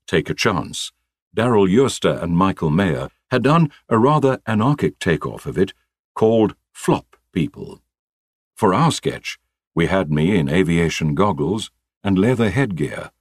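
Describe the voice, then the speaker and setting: A man recounts his broadcasting days with wry, dry humour. His voice is very deep and husky, and it rises and falls a lot. The recording is close and dry. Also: very animated, unhurried, no echo. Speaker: former radio broadcaster. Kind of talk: memoir storytelling.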